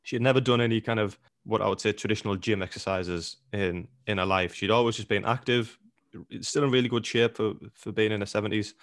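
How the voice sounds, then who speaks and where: A man with a fairly low voice co-hosts a podcast and works as a personal trainer. He talks casually and rambles, often restarting his phrases. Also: steady tone, a little fast.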